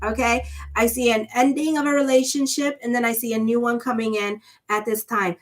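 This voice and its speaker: A woman's voice: on the high side, steady tone, fairly quick. A woman astrologer giving a casual tarot reading, chatty and blunt, with lots of fillers. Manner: chatty, blunt and sassy, many "you know" fillers.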